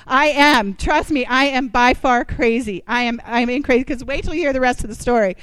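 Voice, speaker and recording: A woman speaking to a church group, telling her own story with lots of asides and questions thrown at the audience. Her voice is smooth and clear, and the sound is dry and close. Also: a little high, fairly quick, hardly any pauses, dry recording, poor audio. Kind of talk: personal testimony talk.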